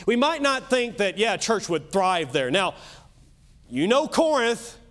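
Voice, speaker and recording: A man with a Kentucky accent preaching a sermon as pastor, emphatic, swinging between loud and soft, with quick asides. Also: sits high, very animated.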